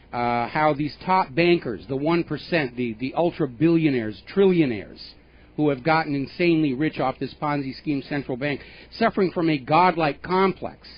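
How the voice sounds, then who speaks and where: On a talk radio show, a male host offers opinionated political commentary, pointed and emphatic, dropping scornful asides. For a man his voice is a bit high, and the broadcast comes through dull and lo-fi.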